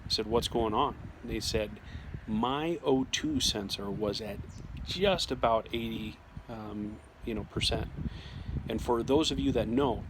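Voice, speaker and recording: Man telling a story over loud noise. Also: on the low side. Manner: conversational, with frequent restarts and quoted dialogue. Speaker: storyteller sharing a personal experience. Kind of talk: casual personal storytelling.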